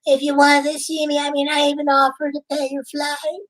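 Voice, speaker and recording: A woman's voice: high-pitched, monotone, fairly quick. A woman on a prank phone call, playing a lonely, clingy character who giggles and gushes emotionally. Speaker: scam baiter posing as a lonely woman.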